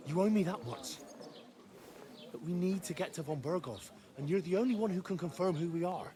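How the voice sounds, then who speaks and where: An earnest young squire. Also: male voice, sits high, animated, brisk, noisy background. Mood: pleading. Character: young male squire pleading for help. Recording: game audio under music.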